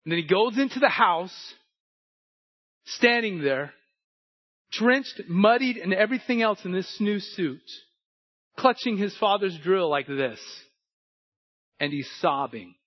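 A man preaching a sermon, telling a story and moving between hushed and emphatic delivery. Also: fairly high pitch, lo-fi sound.

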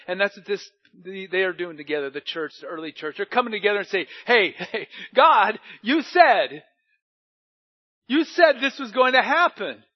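A man with a notably high voice preaches a lively sermon to his congregation. He chuckles often and acts out scripture quotes in dramatic voices. The recording sounds dull and lo-fi. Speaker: pastor. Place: church.

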